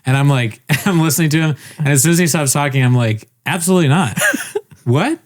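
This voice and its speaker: A man on a casual podcast telling a story with animated, swearing delivery, laughing often and acting out the people he quotes. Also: on the high side, a little fast. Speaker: podcast co-host. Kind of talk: casual chat.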